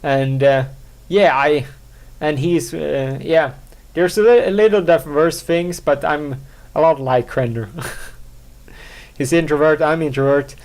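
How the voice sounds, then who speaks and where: A man hosting a solo podcast, talking in a rambling, halting way, full of fillers, restarts and self-mocking asides. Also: a little high, a little mellow. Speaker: podcast host.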